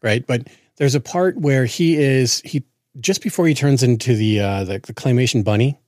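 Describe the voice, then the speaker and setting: A man's voice: medium pitch, normal speed, darkish tone, dry recording, studio quality. A man co-hosting a casual podcast as a father, joking around and wandering off on tangents. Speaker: podcast co-host. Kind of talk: casual chat.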